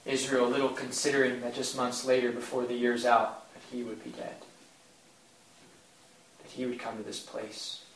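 A man's voice: medium pitch, monotone, normal speed, slight background noise. A man preaching a sermon with impassioned, repetitive phrasing that swells in emphasis. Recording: echoey room, mic at a distance.

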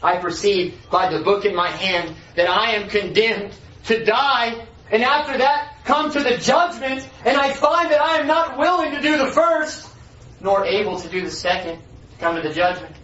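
A man's voice: sits high, moderate pace, pushed and bright. A man voicing a burdened, frightened pilgrim in earnest, old-fashioned speech. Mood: fearful. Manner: earnest archaic reading. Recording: echoey room, voice far from mic, dull lo-fi.

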